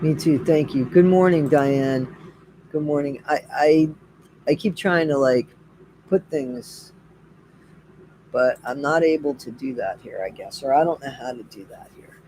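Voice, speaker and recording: A man's voice: mid-range voice, unhurried, mellow, slight background noise. A middle-aged man chatting casually with viewers on a live stream, greeting them by name and repeating his phrases.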